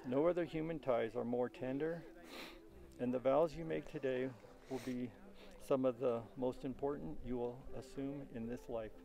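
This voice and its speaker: A middle-aged man, father of the bride, officiating a wedding in a solemn, measured, formal way. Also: medium pitch, steady tone, vocal fry, mellow, poor audio. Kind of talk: formal wedding ceremony address.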